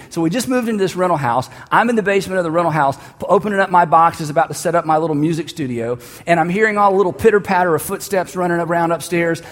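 A man delivers a sermon in a high voice, moving between a personal story and emphatic lines he asks the listeners to repeat with him. His voice rings with the long reverb of a large hall. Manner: storytelling, building to emphatic calls for the audience to repeat. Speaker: pastor.

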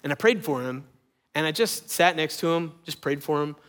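A pastor preaching a sermon in a conversational, animated way, with teasing asides. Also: male voice, fairly high pitch, moderate pace.

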